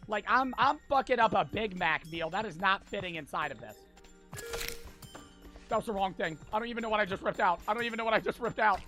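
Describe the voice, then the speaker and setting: Frantic, swearing young male streamer. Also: high-pitched. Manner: loud, frantic, swearing outbursts. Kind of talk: live gameplay commentary.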